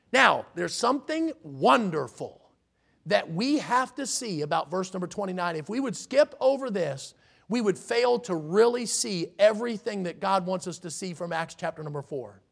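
Male preacher mid-sermon: high, gravelly voice, slows and swells on each verse. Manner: emphatic preaching, slows and swells on scripture readings.

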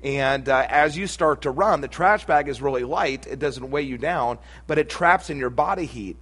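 A man's voice: mid-range voice, moderate pace, a bit bright. A middle-aged man preaching a sermon, telling a humorous personal story with folksy asides before turning to scripture. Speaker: pastor.

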